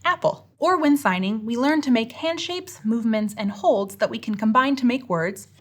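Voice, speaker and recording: A woman's voice: fairly high pitch, lively intonation, normal speed. Young woman reading a lesson script, upbeat and playful, voice goes up and down a lot. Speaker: educational host. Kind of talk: scripted educational narration.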